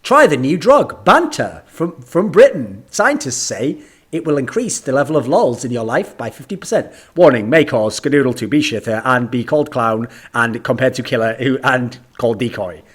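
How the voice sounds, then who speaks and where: A man putting on the voice of an upbeat announcer reading out a fake medication commercial and its warnings. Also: slightly rough. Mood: mock salesy. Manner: sales pitch, then rapid deadpan warnings. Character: mock drug-commercial announcer, male, adult, upbeat.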